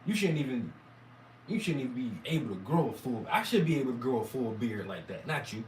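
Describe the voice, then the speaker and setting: Hoarse man ranting crudely. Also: mid-range voice, sing-song, brisk, darkish tone, echoey room, distant mic, a little hiss or hum, low-quality recording. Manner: rambling, crude, mocking rant. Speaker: commentator reacting to debate clips. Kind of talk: profane reaction commentary.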